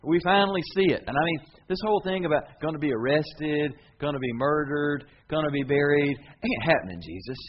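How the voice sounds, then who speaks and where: A preacher playing a brash, bossy disciple. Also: male voice, on the high side, sing-song, quick pace, breathy edge, lo-fi sound, exaggerated voice. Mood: insistent. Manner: pushy, wheedling, talks down to his friend.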